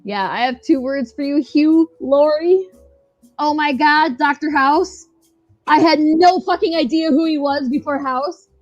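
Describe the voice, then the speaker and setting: An American woman with a high, unhurried voice hosts a casual online chat, speaking loosely, laughing a lot, and swearing without restraint. The sound is dull and lo-fi, with faint music behind her.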